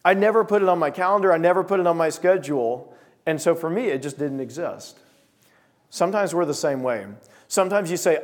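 A man's voice: medium pitch, quick pace. A young man preaching a sermon to a small gathering, telling stories and acting out quoted voices. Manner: animated storytelling with voiced quotes.

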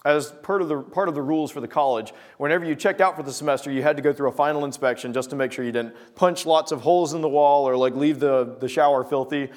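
A man telling a personal story with lively acted-out scenes, then drawing a devotional lesson from it. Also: a little high, fast talker, hardly any pauses. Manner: lively storyteller, acting out scenes, often restarting words. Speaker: speaker telling a story to make a life lesson. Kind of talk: anecdote-driven devotional talk.

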